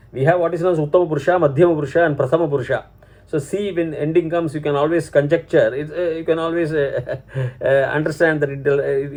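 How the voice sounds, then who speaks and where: A man's voice: high voice, darkish tone. A man with an Indian English accent teaching scripture, reciting Sanskrit verses and translating them word by word. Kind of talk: lecture explaining Sanskrit verses.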